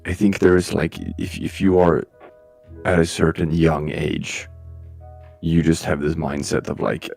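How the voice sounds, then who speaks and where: Deep, husky male co-host murmuring close to the mic on a casual stream, faint music behind. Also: level tone, measured pace, darkish tone. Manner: speaking low and close to the mic. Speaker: subreddit moderator on a livestream. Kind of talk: casual livestream chat. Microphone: close desktop mic.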